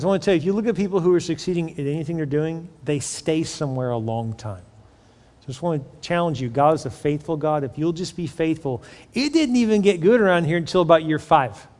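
A man's voice: a little high, darkish tone. A man in his forties preaching a sermon to his congregation as their pastor, talking casually and asking the crowd questions. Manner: conversational, asks the congregation questions. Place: large church sanctuary. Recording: long hall reverb.

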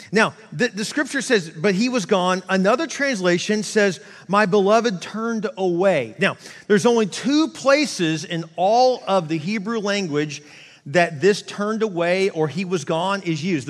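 A man preaching a sermon in a casual, conversational way, often restarting and acting out quotes in asides. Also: high-pitched. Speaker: pastor. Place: large church hall. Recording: long hall reverb.

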